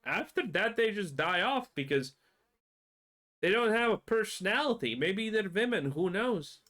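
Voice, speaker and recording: A man reacting to a video on stream, mocking and profane, his voice jumping up when excited. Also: high voice, unhurried, noisy background. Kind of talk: casual reaction commentary.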